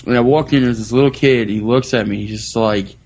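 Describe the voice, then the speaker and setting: A man's voice: medium pitch, fairly even intonation, brisk, vocal fry, a little mellow. A man on a casual comedy podcast telling blunt stories, full of swearing. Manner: profane, blunt storyteller. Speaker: podcast guest.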